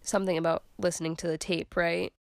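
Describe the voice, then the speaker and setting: A woman's voice: fairly low pitch, flat delivery, fast, vocal fry, no echo. A woman co-hosting a podcast, casually recapping a TV episode in a chatty, filler-heavy way. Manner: chatty, filler-heavy retelling with 'like' and 'um'. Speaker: podcast co-host.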